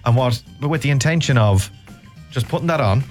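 A man's voice: medium pitch, lively intonation, fairly quick, faint music behind. A man hosting a radio show, rambling and self-mocking as he chats and bluntly teases callers. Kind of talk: casual radio chat.

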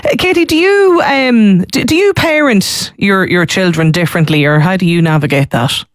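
A woman's voice: medium pitch, expressive, moderate pace, dry recording, studio quality. A woman hosting a radio phone-in, asking questions with hesitant restarts. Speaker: radio host.

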